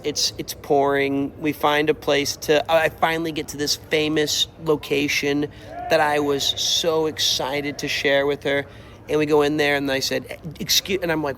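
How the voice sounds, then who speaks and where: A young man casually telling a travel story while walking outside, animated and exasperated, acting out quotes. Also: on the high side, slight background noise. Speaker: streamer. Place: outdoors, walking. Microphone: mobile mic while walking.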